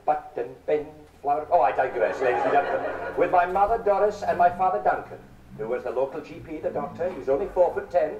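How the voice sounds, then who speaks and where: With an expressive voice on the high side, a wry English comedian in his forties delivers punning music hall patter and quick asides to a live audience in a large theatre, a crowd audible behind him. It's a roomy, distant, dull 1970s broadcast full of audience laughter.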